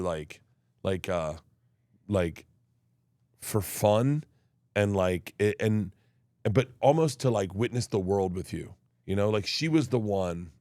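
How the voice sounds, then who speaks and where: Low-voiced rambling storyteller man. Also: darkish tone, dry recording, studio quality. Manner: rambling storyteller, restarts often. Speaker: comedian guest. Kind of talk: casual chat.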